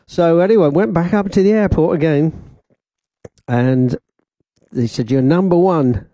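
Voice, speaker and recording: Mellow-voiced radio presenter. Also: male voice, fairly high pitch, animated, a little slow, dry recording. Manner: chatty, rambling anecdotes with laughs and quoted voices. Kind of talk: casual radio storytelling. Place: radio studio. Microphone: studio microphone with headphones.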